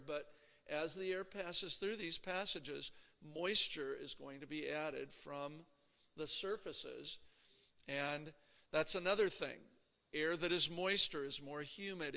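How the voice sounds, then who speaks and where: Gravelly, bright-voiced man lecturing in a hall. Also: fairly high pitch. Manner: conversational, checks in with frequent "okay?" and "right?". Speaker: anatomy lecturer. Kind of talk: classroom lecture.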